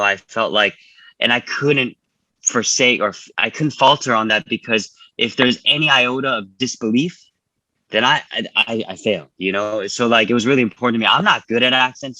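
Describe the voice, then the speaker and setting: Man, filmmaker guest, from California, earnest casual interview answers, lots of restarts, tense bright tone. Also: medium pitch, no echo, rough recording. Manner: earnest, repeats words, many "you know" fillers.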